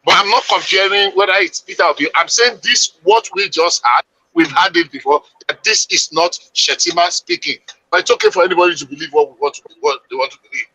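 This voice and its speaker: Brief: emphatic male panelist, very sharp tense tone, slightly high. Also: fast talker, husky, rough recording. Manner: firm, emphatic, dismissive. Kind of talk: panel debate.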